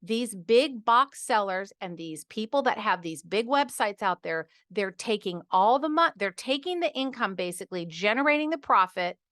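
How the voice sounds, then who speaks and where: A middle-aged woman hosting a podcast, ranting in an animated, exasperated way and acting out patients in quoted asides. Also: mid-range voice, moderate pace, hardly any pauses, dry recording, clean studio sound. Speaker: podcast host. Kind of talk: casual podcast monologue.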